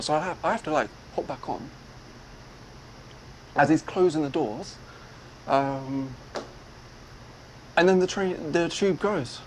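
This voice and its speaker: A man's voice: fairly high pitch, expressive, measured pace, long pauses, slight background noise, poor audio. A man telling a personal story in a casual way. He acts out other people's lines as he goes. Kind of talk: casual retelling.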